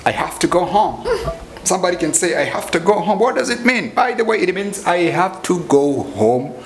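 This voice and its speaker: Lively-voiced man teaching slang. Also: a little hiss or hum. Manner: explains slowly, repeats example phrases, pitch rises and falls widely. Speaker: English teacher. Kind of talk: informal teaching. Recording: echoey room with faint ambience.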